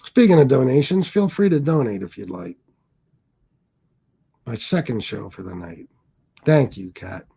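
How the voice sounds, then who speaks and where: A man's voice: mid-range voice, lively intonation, unhurried, gravelly, long pauses, warm tone, husky. Defensive, rambling middle-aged man streamer. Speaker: livestream host. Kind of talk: casual livestream monologue.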